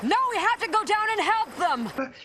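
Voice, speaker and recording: Urgent helicopter pilot. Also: female voice, extremely high pitch, big pitch swings, moderate pace, a little hiss or hum, full character voice. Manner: urgent, shouted warnings. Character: urgent woman helicopter pilot warning crowds. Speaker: helicopter pilot in a theme-park show. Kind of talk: ride show audio.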